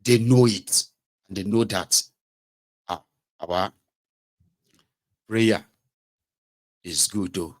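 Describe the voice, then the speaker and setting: A man's voice: on the low side, extremely slow, pauses often. A man with a Nigerian accent giving impassioned political commentary, sarcastic and indignant, slipping into Pidgin and Yoruba phrases.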